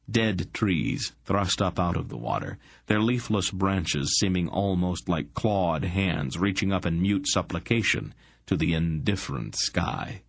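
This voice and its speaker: A man narrates an audiobook in a steady, descriptive reading. His voice is deep with a gravelly fry. The sound is dry and close to the mic. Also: no echo. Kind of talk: scripted narration.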